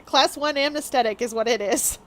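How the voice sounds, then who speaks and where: A woman's voice: high-pitched, a little fast. Bubbly, rambling woman streamer. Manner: bubbly, rambling, laughs often. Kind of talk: casual live-stream chat.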